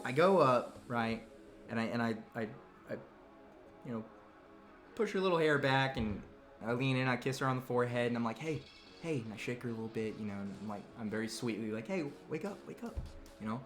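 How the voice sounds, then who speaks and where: A man with a bright, forceful voice telling a funny story to his live chat, wandering off track and circling back as he goes. His voice rings in a roomy, echoey space, with faint music playing underneath. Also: mid-range voice. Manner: rambling, self-interrupting, playful teasing of the audience. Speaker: live stream talk show host.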